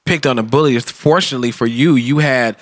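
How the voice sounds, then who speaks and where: A podcast host in casual conversation, this man speaks in a middle-range voice that sits dry and close to the mic. He is blunt and quick to joke, cursing freely as he steers the talk. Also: medium pitch, no room sound. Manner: blunt, joking, curses freely. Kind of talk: casual chat.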